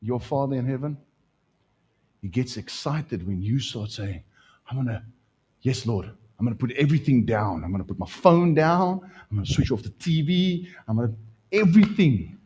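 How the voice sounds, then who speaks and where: Husky preacher man. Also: moderate pace. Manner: animated preaching, pitch jumping up when excited. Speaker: pastor. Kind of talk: sermon.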